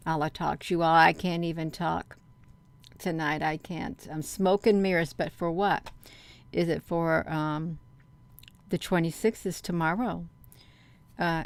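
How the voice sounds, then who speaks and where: A vlogger with a lowish, gravelly yet smooth voice chats casually with her viewers, whom she calls "you all." She rambles through online rumors, using lots of fillers along the way.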